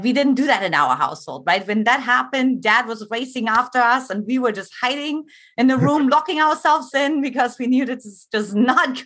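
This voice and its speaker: A woman's voice: mid-range voice, fairly bright tone. Chatty woman co-hosting a casual talk. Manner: chatty, with many "like" and "you know" fillers. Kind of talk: casual chat.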